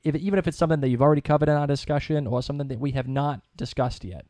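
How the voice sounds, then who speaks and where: A man's voice: on the high side, very fast, mellow, no room sound. Man with a thick Boston accent. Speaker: podcast co-host. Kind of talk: podcast interview.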